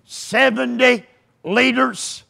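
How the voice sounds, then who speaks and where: A preacher, a man with a high, heavily gravelly voice that cuts bright and tense. He delivers his sermon fervently and folksily and often rises to a shout. His tone is raspy and rough around the edges. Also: fairly even intonation, extremely slow. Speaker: pastor.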